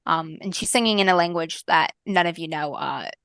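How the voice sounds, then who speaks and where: A woman game master narrating a fantasy tabletop game in a soft, lyrical way, with frequent ums. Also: lowish voice, moderate pace, creaky, clean tone, no echo, clean studio sound.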